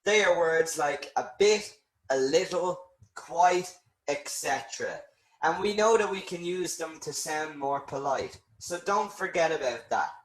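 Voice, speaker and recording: A man teaching an online English lesson, explaining slowly and clearly and checking in with "okay". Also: on the high side, animated, echoey room, low-quality recording.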